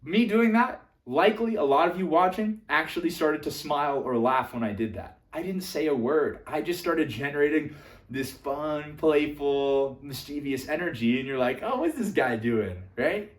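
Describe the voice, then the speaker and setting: A young man coaching on social skills, animated and casual, swinging between loud emphatic bursts and quiet asides, now and then swearing for emphasis. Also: a little high, normal speed. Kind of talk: energetic coaching monologue to camera. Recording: echoey room.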